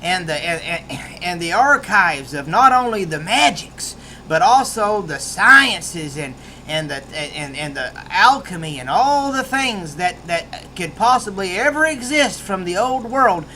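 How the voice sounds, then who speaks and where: A man's voice: sits high, sing-song, measured pace, hardly any pauses, pushed and bright, slight background noise. Rambling man with a rural American accent. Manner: rambling with many restarts and fillers. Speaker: book reviewer. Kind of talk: casual book review.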